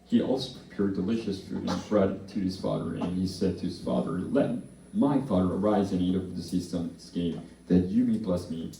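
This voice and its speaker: A man leading a slow, deliberate responsive reading of scripture in a church service. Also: low-pitched, creaky, warm tone, a little hiss or hum. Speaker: pastor. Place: church hall. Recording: echoey church hall from far off.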